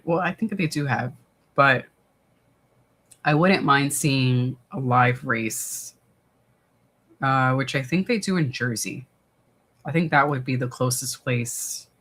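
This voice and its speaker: This chatty livestream host from around New York runs a watch party, going through viewer comments on a desktop mic at home. The middle-pitched voice is fairly bright and slightly rough, and the casual, unhurried talk wanders in loose stretches with many "um"s and restarts.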